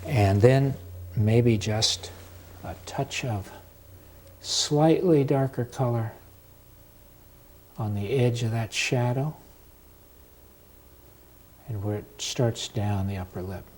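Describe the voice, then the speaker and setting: A male instructor talks through an oil painting demonstration at a slow, unhurried pace. His voice sits at an ordinary middle pitch, calm and steady. He pauses often as he works.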